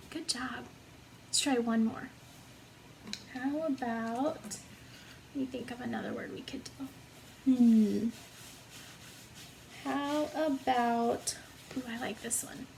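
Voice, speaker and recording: Slow, patient woman teaching phonics. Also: on the high side, vocal fry, darkish tone, slight background noise, poor audio. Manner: slow, sounding out letters and syllables one by one; patient and encouraging. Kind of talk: phonics lesson for young children.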